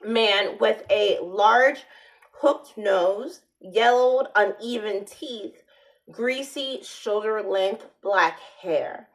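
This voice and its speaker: A woman's voice: medium pitch, drawn-out words, low-quality recording. A woman vlogger in a casual monologue, rambling and sardonic, often restarting her sentences.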